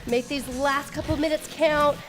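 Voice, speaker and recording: A woman's voice: high-pitched, fairly even intonation, normal speed. Breathless woman coaching a workout. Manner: encouraging, upbeat coaching. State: getting out of breath. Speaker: fitness instructor. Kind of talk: follow-along workout coaching. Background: workout music.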